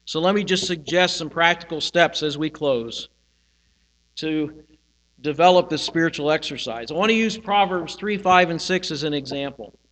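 A male pastor giving a sermon, teaching in a slow, reflective way and pausing on single words. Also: fairly high pitch, fairly bright tone. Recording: hall reverb with mains hum.

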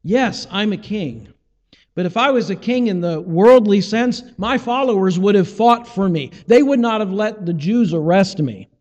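A man's voice: high-pitched, expressive, normal speed, darkish tone, long reverb tail, highs cut off. A man preaching a sermon, teaching and asking rhetorical questions, acting out the voices he quotes.

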